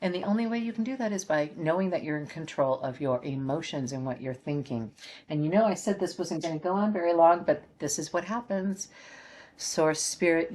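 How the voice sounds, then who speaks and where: Low-voiced woman giving gentle spiritual guidance. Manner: encouraging, coaxing, repeats phrases. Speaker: oracle card reader. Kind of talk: spiritual guidance talk to viewers.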